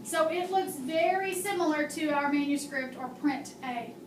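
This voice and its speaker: High-voiced female teacher who quizzes patiently and models each sound, recorded from a distance in an echoey classroom. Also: moderate pace. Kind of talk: classroom phonics and handwriting lesson. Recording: echoey room, mic far off, faint hum.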